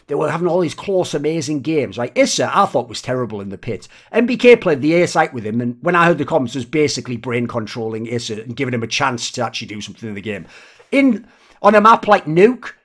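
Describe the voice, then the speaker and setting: A man hosting his own esports channel, giving a blunt, rapid and profane opinion monologue. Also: fairly high pitch. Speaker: esports commentator and channel host.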